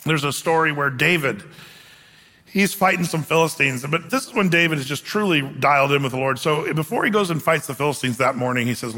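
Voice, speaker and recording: Guy pastor giving a laid-back sermon, kinda high bright voice, big echoey hall. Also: animated, fairly quick. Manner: conversational, explains scripture with casual asides.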